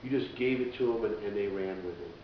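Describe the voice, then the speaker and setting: A man, a radio DJ and musician, telling stories in a rambling, casual way as an interview guest. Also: fast. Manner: rambling, acts out voices in quotes. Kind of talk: casual conversational storytelling. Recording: echoey, dull, distant with low rumble.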